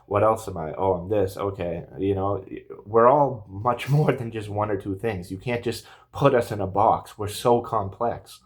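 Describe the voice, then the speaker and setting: A man's voice: lowish voice, normal speed, hardly any pauses. A man in his thirties telling a personal story to camera in a rambling, earnest way, full of fillers and restarts, a little emotional. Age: 30s. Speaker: vlogger.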